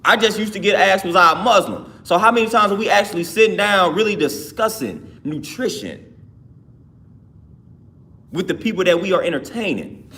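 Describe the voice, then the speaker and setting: A man's voice: high voice, expressive, moderate pace, sharp tone. A man hosting a livestream, talking casually and loosely with his viewers, often restarting his sentences. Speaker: livestream host. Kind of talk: casual livestream talk answering chat.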